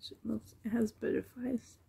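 A woman speaks slowly and softly in a husky, gravelly voice that sits a little high for her. She sounds a little out of breath. She coos over a baby doll she is selling at home, filling her sentences with ums. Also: steady tone. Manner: soft, cooing over the doll, with many ums. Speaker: reborn doll seller. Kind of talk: casual show-and-tell vlog. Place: at home, seated on the floor.

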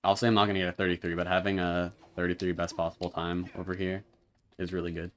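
Low-voiced man muttering gameplay commentary. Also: little pitch movement, fast talker. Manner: quiet, mumbled asides with sudden loud frustrated swearing. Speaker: speedrunner streaming his run.

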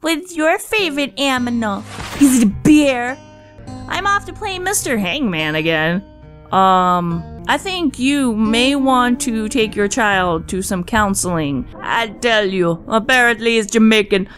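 A woman's voice: on the high side, animated, a little slow, fairly bright tone. A young woman giving joking, sarcastic let's play commentary. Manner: joking, sarcastic, reads game lines in silly voices. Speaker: gameplay commentator. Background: game music.

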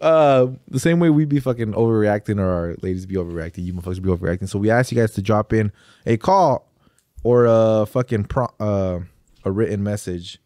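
A man's voice: fairly low pitch, brisk, mellow, no echo, clean studio sound. A male podcast host in casual chat, brash and profane.

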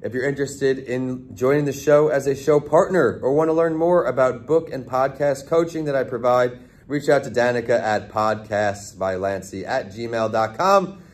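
A man's voice: mid-range voice, moderate pace. A man hosting a podcast interview, asking questions and closing the show with an upbeat promotional sign-off. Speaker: podcast host.

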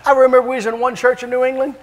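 A man evangelist preaching and telling stories in an animated, repetitive, emphatic way in a church. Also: very high voice, rapid-fire. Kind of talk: preaching with storytelling. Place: church sanctuary. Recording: long church-hall reverb.

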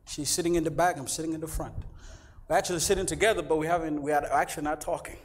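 A man preaches a sermon in a church with a high voice. He swings between loud, shouted lines and low, quiet ones. Along the way he acts out imagined members of the congregation. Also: steady tone, very fast. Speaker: pastor.

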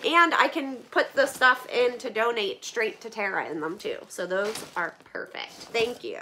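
High, bright-voiced woman gushing thanks. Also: lively intonation, measured pace, slight background noise. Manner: gushing, effusive thanks, fillers like "like" and "oh my gosh". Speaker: vlogger opening viewer donations. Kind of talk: casual live chat to viewers.

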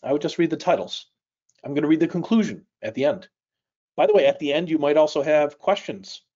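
A man teaching a live speed reading session, often checking in with "right?", shifting his pace and loudness as he talks. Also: on the high side, fairly quick, dull audio. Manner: lively, varies pace and loudness, frequent "right?".

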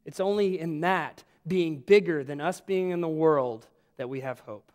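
Guy preaching, kinda high voice, jokey asides, big echoey church. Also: a little slow, a little mellow. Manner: folksy, joking asides. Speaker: pastor. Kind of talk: sermon. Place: church sanctuary. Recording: long hall reverb.

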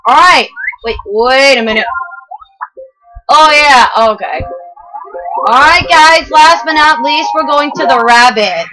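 A woman's voice: sits high, animated, slow pace, long pauses, over music, low-quality recording. A young female gamer rambling through let's play commentary with lots of fillers.

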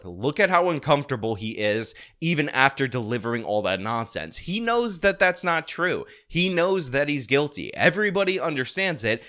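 A man's voice: medium pitch, pushed and bright. A man hosting a political opinion commentary, ranting in an indignant, sarcastic way.

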